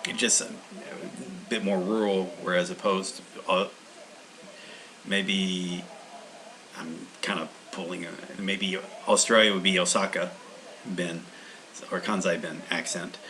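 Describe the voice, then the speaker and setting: Low-voiced man rambling casually. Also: steady tone, slow, sharp tone, a little hiss or hum, low-quality recording. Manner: meandering, full of fillers and restarts. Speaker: language-learning channel host.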